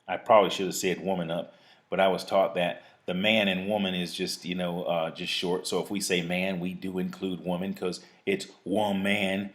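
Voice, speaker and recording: A man's voice: low-pitched, level tone, moderate pace, a bit bright. A man hosting a live talk show, reading out a reflective piece in an earnest, preachy way and chatting casually with a phone guest.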